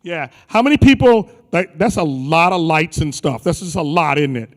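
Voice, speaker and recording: A conference emcee jokes with the crowd from the stage, teasing them in a playful, slangy way. His voice is a little high and expressive at a moderate pace, recorded live in a large hall with long reverb.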